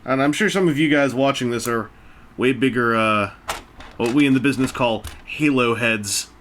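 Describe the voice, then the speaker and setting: At a normal speed, a man with a medium-pitched, slightly bright voice builds a brick set at a table indoors, with slight background noise. As the host of a toy-building video, he chats loosely, tossing in asides and jokes at his own expense.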